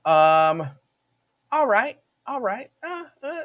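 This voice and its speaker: A man hosting a talk radio show, telling stories in an animated, slangy way. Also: a little high, normal speed, muffled recording.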